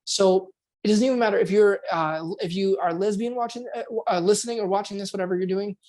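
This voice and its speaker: Speaking fast in a high voice, a male performance coach chats casually on a podcast from home at night. He keeps things a little quiet while acting out quoted inner voices, letting a swear word slip now and then.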